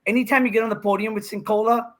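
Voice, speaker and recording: A man's voice: sits high, fairly even intonation, racing, poor audio. Brash, joking middle-aged man on a podcast. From India. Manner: brash, joking storyteller who swears and laughs often. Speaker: podcast guest, senior pickleball pro. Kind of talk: casual podcast chat.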